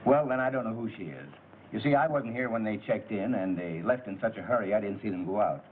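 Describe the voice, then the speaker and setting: A man's voice: lowish voice, quick pace, close to an everyday voice. An actor playing an obliging hotel desk clerk who recounts what he saw. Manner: obliging, animated storytelling. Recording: tinny old film soundtrack with hiss.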